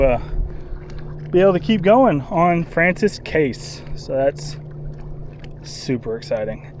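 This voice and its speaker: A man's voice: a little high, darkish tone, a little hiss or hum. A man narrating a casual travel vlog outdoors from a kayak, upbeat and rambling, with lots of "uh" fillers. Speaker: vlogger on a kayak trip.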